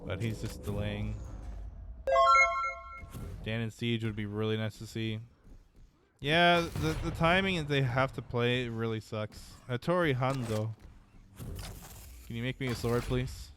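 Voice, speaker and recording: A man casting a live online shooter match in a casual, rambling way, with sudden excited outbursts. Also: medium pitch, measured pace, long pauses, over music. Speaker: esports caster. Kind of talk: live game commentary. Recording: loud game gunfire under voice. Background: game gunfire and rockets.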